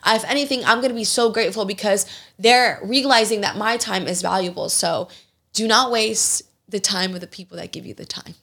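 A young woman hosts a casual podcast conversation in a chatty, animated way. She slips into the voices of people in her stories and swears without a second thought. Her pitch sits in an ordinary middle range. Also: brisk, gravelly, breathy edge. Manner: animated storytelling, acts out quoted people. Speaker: podcast host.

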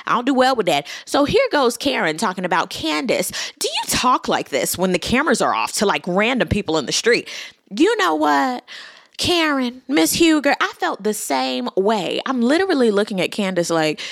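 A young woman giving a sassy, animated casual recap at her computer, calling listeners honey and child. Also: medium pitch, fairly quick, gravelly, dry recording, clean studio sound. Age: young adult. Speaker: reality TV recap podcaster. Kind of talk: casual commentary monologue.

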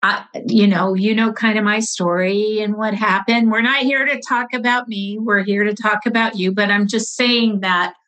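A woman's voice: medium pitch, fairly even intonation, moderate pace, few pauses, a bit bright, muffled recording. A woman hosting a faith podcast interview, affirming her guest in an encouraging way. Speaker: podcast host. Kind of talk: interview conversation.

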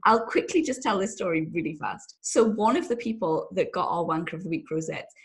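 Lively, laughing woman. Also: on the low side, brisk. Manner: animated storyteller who laughs often. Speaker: podcast co-host. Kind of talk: casual chat.

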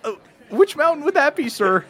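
A man's voice: extremely high pitch, sing-song, moderate pace, bright, forceful tone, pitched above the performer's own voice, full character voice. A man voicing a nervous young male halfling scoutmaster who stammers and rambles. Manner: stammering, rambling, filler-heavy.

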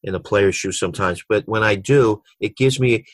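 A middle-aged basketball coach answers interview questions, restarting often, repeating words, and telling anecdotes. His voice is lowish and moderately paced, with no room sound.

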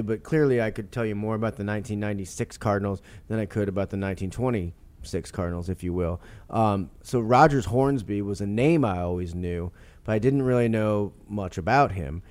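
A man telling stories as an author guest on a podcast, animated and rambling, with frequent laughs and restarts. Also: on the low side, fairly quick. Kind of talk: podcast interview storytelling.

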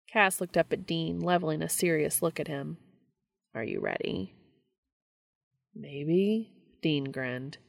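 A woman narrating a story aloud in a steady, even reading voice. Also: low-pitched, vocal fry, no room sound. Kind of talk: audiobook reading of fan fiction.

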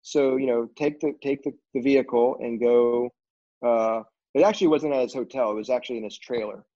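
A man's voice: medium pitch, fairly quick, dark tone. A middle-aged man from film crews, casually telling a rambling story full of "you know" fillers. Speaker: film crew guest. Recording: dull lo-fi recording.

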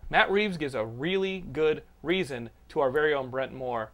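A man hosts a casual podcast in a fairly high voice. He talks loudly and excitably, swears freely and laughs often. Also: normal speed, muffled recording. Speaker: podcast host.

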